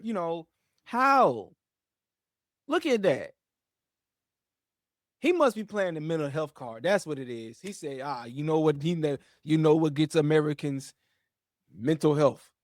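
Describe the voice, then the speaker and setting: Animated, slangy commentary-show host man. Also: no echo, studio quality. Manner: animated, swings between low mutters and loud outbursts, laughs often; slangy, repeats himself. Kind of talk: casual commentary.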